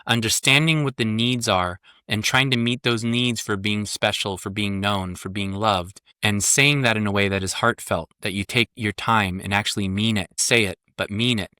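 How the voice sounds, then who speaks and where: A man's voice: lowish voice, fairly even intonation, moderate pace, hardly any pauses, bright, forceful tone, no room sound, clean studio sound. A man, a psychotherapist and parenting coach, speaking as a podcast guest in an earnest, emphatic way that repeats key points. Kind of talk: podcast interview.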